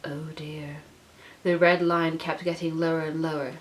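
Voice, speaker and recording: A woman's voice: low voice, little pitch movement, moderate pace. A young woman reading her own childhood story aloud, breaking off with laughing, self-mocking asides. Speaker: channel host reading her childhood writing.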